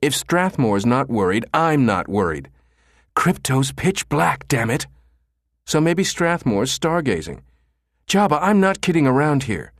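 A man's voice: medium pitch, sing-song, a little slow, no echo, clean studio sound, pitched above the performer's own voice. A man voicing a tense woman who talks in an urgent, insistent way.

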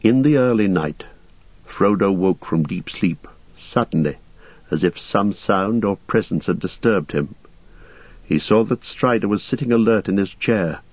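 A man reading an audiobook in a steady, measured storytelling voice, on a dull lo-fi recording. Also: lowish voice, husky, dry recording. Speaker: audiobook narrator. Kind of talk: scripted narration.

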